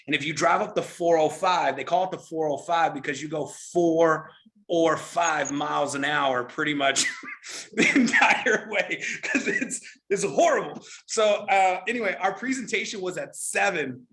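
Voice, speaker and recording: A middle-aged man giving a motivational network marketing training, energetic and repetitive, often checking in with "right?". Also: on the high side, moderate pace.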